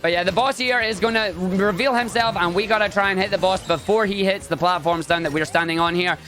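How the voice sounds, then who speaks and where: A man giving chatty, excitable, jokey live commentary on his own speedrun. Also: high-pitched, a little fast, faint music behind.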